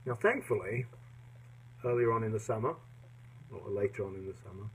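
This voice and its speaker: A man giving a personal devotional talk to listeners in a gentle, earnest and reflective manner. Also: fairly low pitch, moderate pace, a little hiss or hum, low-quality recording. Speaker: devotional podcaster.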